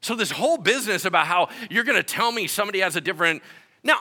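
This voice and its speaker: A man preaching a sermon as pastor, telling stories and acting out the people he quotes. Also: sits high. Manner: animated storytelling, quoting others in their voices.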